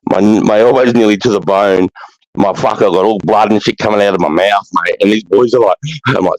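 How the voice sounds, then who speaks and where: A man's voice: fairly low pitch, steady tone, a little fast, a little mellow, dry recording, rough recording. A man in his forties with an Australian accent, telling stories in a blunt, heavily swearing casual chat. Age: 40s. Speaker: podcast host.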